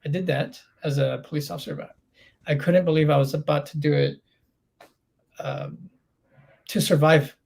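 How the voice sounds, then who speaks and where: A man's voice: fairly high pitch, fairly even intonation, moderate pace, gravelly, long pauses, a little mellow, husky. A middle-aged man as a podcast guest, telling his own story candidly and acting out the dialogue with rising intensity. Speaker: interview guest.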